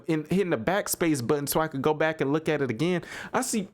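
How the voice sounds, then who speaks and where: Animated man riffing on basketball. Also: fairly high pitch, fast talker, hardly any pauses. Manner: animated, repeats himself, laughs and riffs in disbelief. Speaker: sports podcast host. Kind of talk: casual solo sports commentary.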